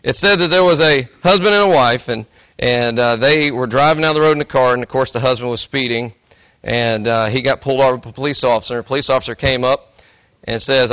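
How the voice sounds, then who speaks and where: A pastor with a mid-range, slightly bright voice preaches a sermon at a quick clip in a church sanctuary. He's folksy and joking, often poking fun at himself. The recording is dry and a bit dull.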